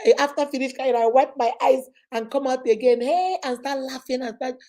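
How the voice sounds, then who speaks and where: A middle-aged host with a Nigerian accent runs a casual live question-and-answer chat in a high voice, talking a little fast. She's lively, tells stories, laughs often, and blends in pidgin.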